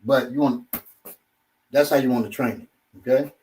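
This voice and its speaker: A man's voice: mid-range voice, steady tone, normal speed, darkish tone, recorded from a distance. A man teaching self-defense in a casual group talk, demonstrating moves as he speaks. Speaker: martial arts instructor.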